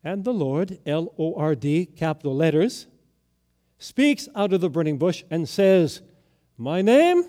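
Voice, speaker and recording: An older male pastor preaching a sermon, emphatic, with dramatic swings in loudness and pitch as he acts out quotes. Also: expressive, measured pace.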